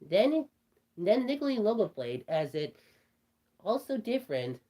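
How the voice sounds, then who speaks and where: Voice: mid-range voice, sing-song, measured pace, mellow. A performer voicing a cartoon rabbit telling a creepy story, rambling with stumbling restarts. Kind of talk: storytelling in character.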